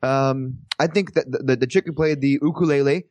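A man from Kansas, a guest on a podcast, talking in an animated, rambling way with lots of restarts. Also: medium pitch, fairly quick, no echo. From Kansas, USA. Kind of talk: casual chat.

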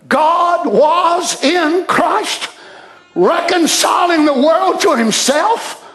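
A man preaching a fervent evening sermon in church, shouting passages and then dropping to quiet asides. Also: very high-pitched, drawn-out words. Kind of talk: impassioned sermon. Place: church sanctuary. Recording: echoey church hall.

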